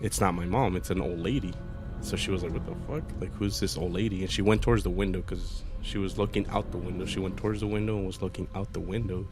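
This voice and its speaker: A man's voice: deep voice, steady tone, quick pace, over music. A man casually telling a ghost story among friends, swearing and repeating himself often. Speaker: podcast co-host.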